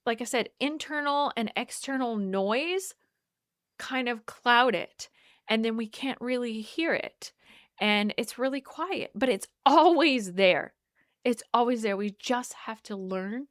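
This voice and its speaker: A woman hosting a solo wellness podcast, talking in an earnest, halting way with many restarts. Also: on the high side, fairly bright tone, dry recording, studio quality. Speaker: podcast host. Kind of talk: reflective solo podcast monologue.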